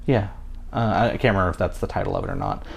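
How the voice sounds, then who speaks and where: A man's voice: low-pitched, fairly even intonation, racing, gravelly, breathy edge. A man in his thirties co-hosting a podcast in casual chat, rambling with many fillers and restarts. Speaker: podcast co-host.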